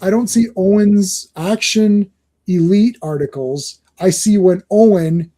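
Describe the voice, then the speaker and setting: A man's voice: sits high, takes it slowly, warm tone. A middle-aged man from Canada hosting a live stream, chatting casually and rambling with many restarts. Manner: rambling, self-interrupting, chuckling. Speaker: stream host.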